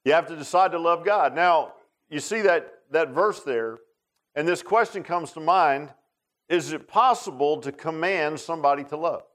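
In a mid-range voice, a pastor preaches a Father's Day sermon in a folksy, conversational style. He often turns to the congregation with rhetorical questions.

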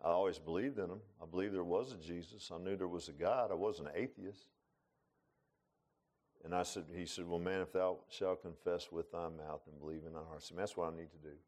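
Folksy preacher man, low-pitched. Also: a little fast. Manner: folksy, animated, often says "man". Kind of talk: sermon.

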